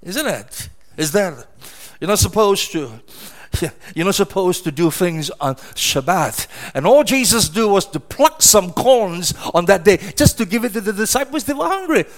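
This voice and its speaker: A middle-aged pastor preaches in a notably high voice. He leans on rhetorical questions and repeats words as he drives each point home. His delivery is emphatic and earnest. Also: animated, moderate pace. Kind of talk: sermon.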